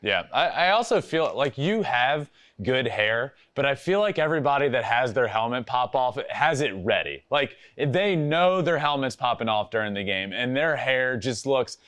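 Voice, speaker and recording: A man hosting a casual sports chat show, animated and laughing often, acting out quotes. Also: mid-range voice, normal speed, few pauses. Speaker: show host.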